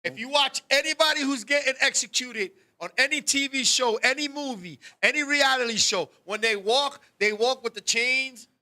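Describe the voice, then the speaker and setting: A man co-hosting a talk show, telling a comic story in an animated, profane way and acting out scenes with sudden shouts. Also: extremely high pitch, moderate pace, few pauses. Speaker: podcast co-host.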